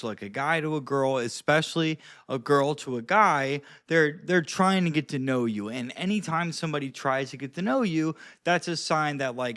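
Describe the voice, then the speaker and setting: A man's voice: a little high, fairly bright tone, dry recording, clean studio sound. Rambling man giving dating advice. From Florida. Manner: rambling, lots of "like" and restarts. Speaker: dating and social skills coach. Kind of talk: casual advice talk to camera.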